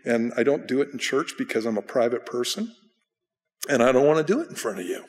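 A man's voice: medium pitch, expressive, fast, long reverb tail. A male pastor teaching a Bible study in a loose, self-deprecating way, often restarting his sentences. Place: church sanctuary.

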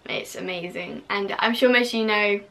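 A woman's voice: mid-range voice, moderate pace, a bit bright. A young woman vlogging casually to camera, gushing and full of fillers, now and then dropping to a whisper.

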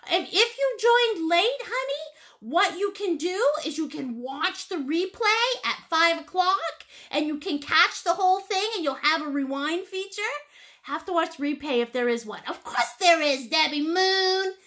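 Woman painting instructor, playful and warm with viewers, bright voice with unhurried delivery. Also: extremely high pitch, lively intonation. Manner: chatty and encouraging, greets viewers with pet names; playful, laughs often. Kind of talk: live-streamed painting lesson.

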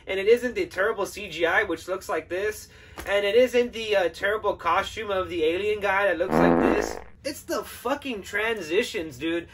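A man's voice: sits high, fairly bright tone. A man hosting a podcast, giving a casual, profane and sarcastic film review with frequent laughter. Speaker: podcast host.

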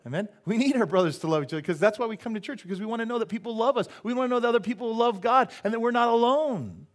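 A man preaching a sermon in church, animated and joking, often asking the congregation for an amen and tossing in silly voices and sound effects. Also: very high-pitched, racing. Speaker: pastor. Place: church sanctuary.

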